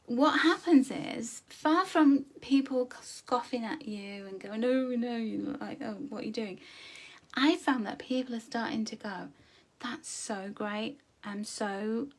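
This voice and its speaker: British woman running a money tutorial, chatty and upbeat, calls folks "my loves", lots of ums. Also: medium pitch. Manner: chatty, encouraging, addresses viewers as "my loves". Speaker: budgeting coach. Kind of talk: live online budgeting tutorial.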